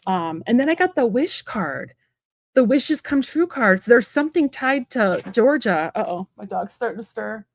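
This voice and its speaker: A woman giving a live-stream tarot reading from home, talking fast and rambling in a chatty way with many fillers. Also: on the high side, big pitch swings, dry recording. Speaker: psychic medium and tarot reader.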